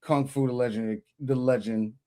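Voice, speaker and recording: A man's voice: medium pitch, steady tone, moderate pace, a little mellow, dry recording, studio quality. A man co-hosting a podcast in casual chat, playful and teasing as he talks. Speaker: podcast co-host.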